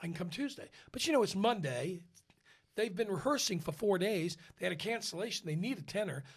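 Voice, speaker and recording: High-voiced man telling a story. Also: brisk, husky. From United States. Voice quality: animated storyteller who acts out quoted voices. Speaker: podcast co-host; opera tenor. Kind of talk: casual storytelling chat.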